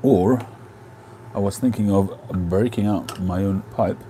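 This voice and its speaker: A man's voice: fairly low pitch, measured pace, warm tone, a little hiss or hum. A man hosting a casual live stream from home on a phone, chatting and answering viewers' comments.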